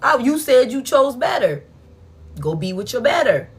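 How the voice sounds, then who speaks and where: A woman, giving a collective tarot reading in a blunt, profane, animated way. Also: high voice, moderate pace, breathy edge. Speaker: tarot reader.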